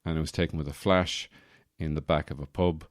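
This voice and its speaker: A man's voice: very deep voice, fairly even intonation, brisk, no echo, studio quality. A young man hosting a casual solo podcast from his apartment, rambling and joking with lots of self-correcting asides. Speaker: podcast host.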